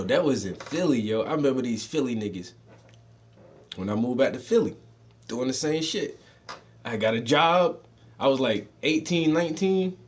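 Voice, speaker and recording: Profane, laid-back storyteller man with a Southern-Northern mix. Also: mid-range voice. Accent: mixed Southern and Northern US. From Southern United States. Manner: loose, profane street slang with frequent laughs. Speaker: podcast host telling stories. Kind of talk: casual storytelling.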